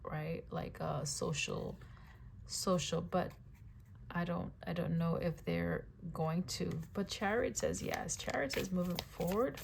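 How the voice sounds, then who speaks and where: A woman's voice: fairly low pitch, sing-song, measured pace, creaky, slight background noise. A woman giving a casual tarot reading. She talks in a chatty way, repeats phrases, and keeps checking in with "right?" and "okay?". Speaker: tarot reader.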